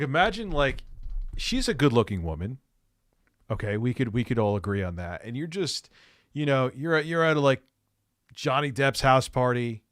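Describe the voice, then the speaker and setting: A man's voice: mid-range voice, fairly bright tone, dry recording. A man hosting a casual livestream, rambling in a loose, crude way and swearing freely. His voice sits in an ordinary middle range and sounds dry and close, with no room around it. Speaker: livestream host.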